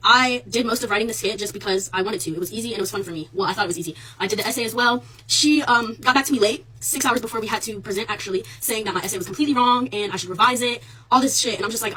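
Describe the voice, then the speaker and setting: A young woman telling her own story into a phone camera, rapid and emphatic, her voice rising as she relives the argument. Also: fairly high pitch, distant mic, a crowd in the background, poor audio. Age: young adult. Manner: rapid, emphatic, raises voice when reliving the clash. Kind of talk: casual social media recording.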